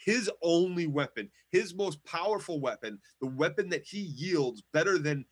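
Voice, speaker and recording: A man's voice: a little high, expressive, normal speed, husky. Profane, ranting man on a podcast. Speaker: podcast co-host. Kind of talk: casual TV recap chat.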